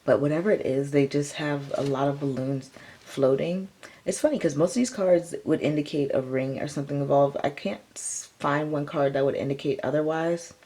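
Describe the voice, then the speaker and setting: A tarot reader gives a casual, rambling reading packed with fillers like "like" and "um." Her low, mellow voice moves at a normal speed.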